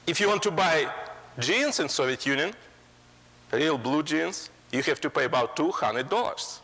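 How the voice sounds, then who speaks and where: A Russian man in his forties lectures a college audience in plain, broken, Russian-accented English and slips in dry jokes. His voice is bright and sits a little high. A long reverb from the lecture hall trails after his words. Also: animated, normal speed. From Russia (Moscow). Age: 40s. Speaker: guest speaker. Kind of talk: humorous lecture.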